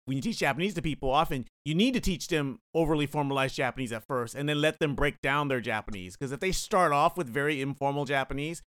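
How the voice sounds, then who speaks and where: A man's voice: on the high side, fast talker, few pauses, fairly bright tone. A man with a somewhat raised voice explains things patiently in casual conversation, restarting sentences to find the right words. The sound is close and dry, with no reverb. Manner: explanatory, thoughtful, full of restarts. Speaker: Japanese language teacher. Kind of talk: casual chat.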